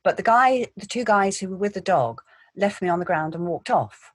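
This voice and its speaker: A woman, an actor, telling stories in a quiet, measured way in an interview. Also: mid-range voice, lively intonation, no room sound. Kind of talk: interview answers.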